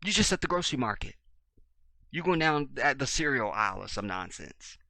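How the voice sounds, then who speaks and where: A man, talking to his viewers in an animated monologue and acting out the voices of the people in his stories. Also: medium pitch, brisk, gravelly, dry recording. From Chicago, USA. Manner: animated storyteller, acts out dialogue, swings loud and soft. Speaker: video blogger. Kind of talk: casual monologue to camera.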